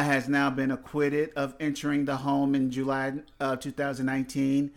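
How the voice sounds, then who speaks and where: A man's voice: medium pitch, fairly bright tone. Dry-humored man reading odd news. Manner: dry, reads news stories with asides. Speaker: podcast co-host. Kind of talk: casual comedic podcast chat.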